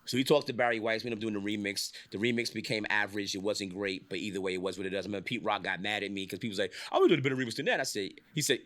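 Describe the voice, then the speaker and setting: A middle-aged man telling a casual industry story, swearing, laughing often and acting out the people he quotes. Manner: animated, swearing, acts out quotes with big pitch jumps, laughs often. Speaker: podcast host telling industry stories.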